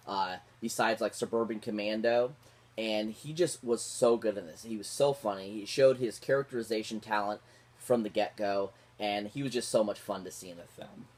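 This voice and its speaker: A man at a middle pitch talks through a film review in a casual vlog style. He gushes over every performer, reuses the same few favourite words of praise, and rambles along with fillers and restarts. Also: a little mellow. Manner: gushing, repeats favourite words. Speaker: movie reviewer.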